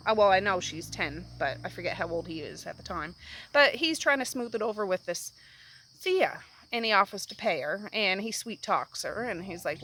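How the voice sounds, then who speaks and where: A woman hosting a casual book chat, rambling and animated as she recaps a story. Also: mid-range voice, normal speed, slight background noise, rough recording. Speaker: book review host.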